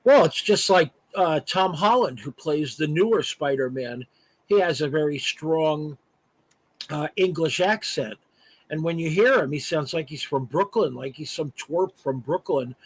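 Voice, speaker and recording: Husky and fairly high-pitched, this guest speaks unhurriedly with lively intonation. An artist and voice actor, he joins a live stream through a remote call for a casual interview, chatting with many "uh" fillers and restarts. The low-quality recording has no echo.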